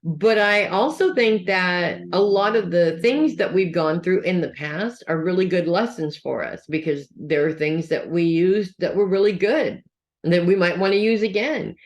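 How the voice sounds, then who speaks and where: A woman's voice: fairly low pitch, moderate pace. A woman reading weekly horoscopes in a casual, chatty way. She talks straight to her viewers and corrects herself as she goes. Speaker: astrology reader.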